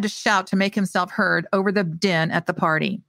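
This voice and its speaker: A woman author reading her own mystery short story aloud with expressive delivery. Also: fairly low pitch, moderate pace, creaky, few pauses, no echo.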